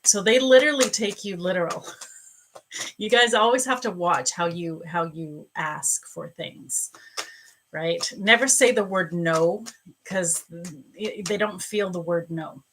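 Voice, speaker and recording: A woman's voice: fairly low pitch, a little slow, fairly bright tone, slight background noise, poor audio. A woman hosting a live stream as a psychic reader, chatting and greeting viewers by name between angel card readings.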